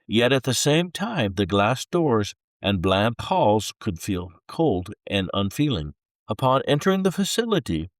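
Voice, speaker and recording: A man reading a chapter of a faith-based book aloud in an expressive, unhurried storytelling manner. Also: lowish voice, no echo, studio quality. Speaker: book reader.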